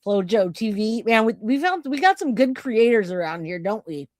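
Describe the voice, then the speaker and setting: A man's voice: high-pitched, animated, moderate pace, dry recording. Chatty man hosting a true-crime stream, dry close sound, thanks his chat by name. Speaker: livestream host. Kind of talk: casual true-crime livestream.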